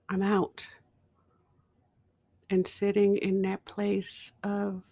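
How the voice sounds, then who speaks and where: A middle-aged woman, host of her own show, slowly telling a personal story and sometimes dropping to a whisper. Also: mid-range voice, gravelly, dark tone, no room sound. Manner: slow, reflective storytelling, dropping to a whisper at times. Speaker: podcast host. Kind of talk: personal testimony.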